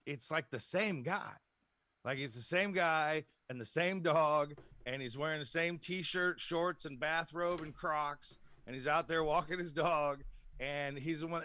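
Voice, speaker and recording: A man's voice: fairly high pitch, pushed and bright, no room sound. A man co-hosting a casual podcast chat, telling a long rambling story and laughing often. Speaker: podcast co-host.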